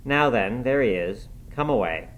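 Brisk scolding housekeeper, middle-aged, blunt, put on by a male audiobook reader. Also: mid-range voice, expressive, a bit bright, a little hiss or hum, lightly acted, poor audio. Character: stern no-nonsense middle-aged housekeeper woman. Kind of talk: audiobook reading.

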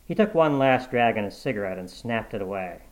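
A man narrating a short story aloud in a steady, measured storybook reading. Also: fairly low pitch, rough recording.

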